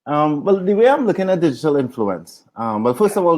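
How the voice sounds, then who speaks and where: A man from the Caribbean, a guest on a tech show, explaining his views in a measured way. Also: a little high, sing-song, a little mellow. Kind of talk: interview answers.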